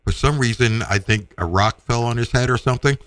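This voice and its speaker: A man casually telling a personal story, animated and acting out the voices of the people in it. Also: mid-range voice, fairly quick, clear, resonant tone, no room sound. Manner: animated, acts out quoted voices.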